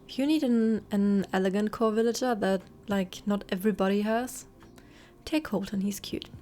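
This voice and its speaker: A woman's voice: mid-range voice, normal speed. A young woman chatting casually and rambling while streaming a game. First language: German. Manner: chatty, rambling, soft asides to chat. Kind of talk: casual gameplay commentary. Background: faint game music.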